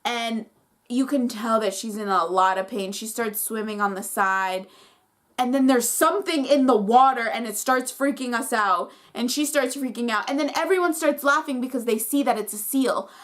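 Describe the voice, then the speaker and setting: A woman's voice: fairly high pitch, moderate pace, fairly bright tone. Opinionated woman recapping reality TV. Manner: opinionated, fired up, lots of "like". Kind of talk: casual episode recap.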